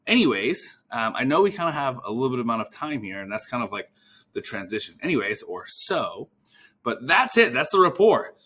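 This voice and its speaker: Casual male podcast host, bright tone, animated, acts out calls. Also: mid-range voice, husky. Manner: animated, acts out phone calls in quick voices; casual, swears now and then. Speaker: podcast host, physical therapist coach. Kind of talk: casual coaching talk.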